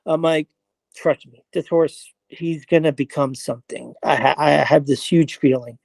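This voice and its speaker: A man with a somewhat high voice tells a lively story as an interview guest, acting out the dialogue and swearing casually. The sound is dry and close. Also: moderate pace, gravelly, no echo. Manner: animated storyteller, acts out quoted dialogue, frequent "I was like". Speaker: interview guest, horse player.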